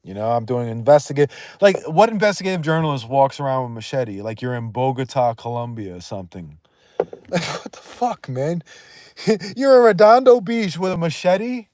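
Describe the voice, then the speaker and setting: A man's voice: on the high side, expressive, moderate pace, darkish tone, no echo, clean studio sound. A man hosting a livestream in loose, profane, rambling chat, laughing often and trailing off mid-thought. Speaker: livestream host.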